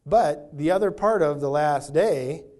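Male pastor, warm mellow voice, deliberate teaching sermon with slowed emphasis. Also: a little high. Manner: teaching verse by verse, explaining word meanings.

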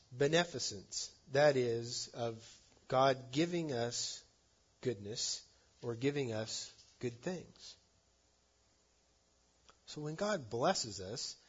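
A man preaching a sermon, earnest, rising to loud emphasis and dropping to soft endings. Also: medium pitch, husky, highs cut off. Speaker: pastor.

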